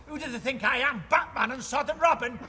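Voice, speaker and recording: A man's voice: very high voice, brisk. An actor playing a stubborn, sarcastic 86-year-old father who grumbles and defies everyone. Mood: defiant. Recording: outdoor performance with crowd noise.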